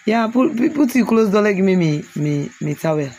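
A woman from Sierra Leone with a Krio accent, vlogging outdoors in a family compound on a handheld phone. She teases with quick questions and also explains things. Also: medium pitch, lively intonation, a little mellow. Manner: teasing, rapid questioning, then explaining. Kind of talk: casual vlog talk, teasing and touring.

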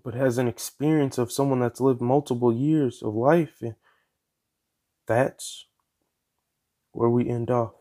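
A man's voice: mid-range voice, dark tone. Man casually telling a fan story. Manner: loose, slangy, with fillers and casual swearing. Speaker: storyteller, channel host.

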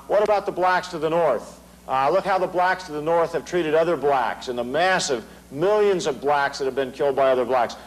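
A middle-aged American man with a slightly high voice delivers a political lecture to a large audience in a big hall. He is emphatic and sarcastic, hammering his points home through repeated phrases, and the recording quality is low.

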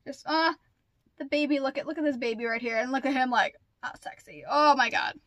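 High-voiced, gushing young woman vlogger. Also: brisk, dry recording. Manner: gushing, excitable, lots of gasps and "like". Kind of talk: casual unboxing chat.

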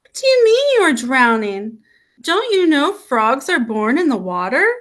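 A woman's voice: high voice, very animated, a little slow, a bit bright, full character voice. A woman voicing a patient, encouraging mother frog who coaxes her son along. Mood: reassuring. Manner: coaxing, patient.

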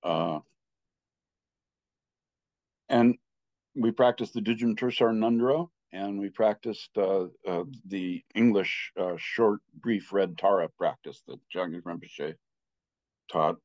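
A man in his sixties, a Buddhist teacher, telling a personal story in a halting way with many restarts. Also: lowish voice, darkish tone, no echo. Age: 60s. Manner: halting, with frequent restarts and filler. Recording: slightly muffled dry recording.

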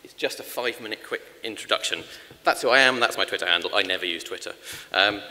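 A man giving a quick, jokey lightning talk on first aid at a conference, with dry asides. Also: fairly low pitch, pushed and bright. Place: large conference hall. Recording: long reverb of a conference hall.

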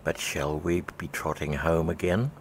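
Guy doing a curt hungry carpenter, short clipped lines, slow, storybook reading. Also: rumbling low, fairly even intonation, slight background noise, voice pushed down. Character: quiet blunt male carpenter, hungry and curt.

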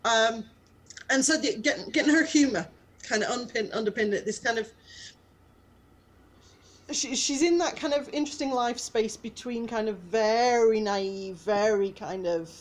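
A woman's voice: fairly high pitch, normal speed, low-quality recording. A woman, an actor, chatting and laughing through many fillers and restarts in a casual interview over a video call. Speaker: actor in the radio play.

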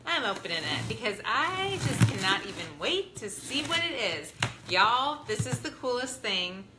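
Woman, excited live unboxing host, fairly high voice, echoey room. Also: a little slow. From Ohio, US. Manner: bubbly, excitable, greets viewers by name. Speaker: product review livestream host. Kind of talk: live unboxing chat with viewers. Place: room in her home. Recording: echoey room with background noise.

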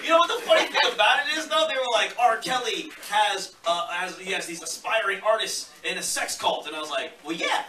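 A man in his thirties doing a stand-up set on a club stage, loud and swaggering, laughing through his jokes. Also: high-pitched, animated, a little fast, hardly any pauses, crowd noise. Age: 30s. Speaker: stand-up comedian. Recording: echoey room, far-off mic, loud noise.

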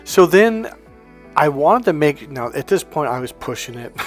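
A man casually telling personal stories to camera, animated and rambling, laughing as he goes. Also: on the high side, moderate pace, faint music behind. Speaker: spiritual coach and video host. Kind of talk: casual storytelling monologue.

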